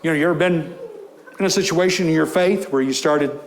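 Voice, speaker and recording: A man's voice: a little high, fairly quick, a little hiss or hum, poor audio. A man preaching a conversational sermon in church, rising to emphatic scripture reading.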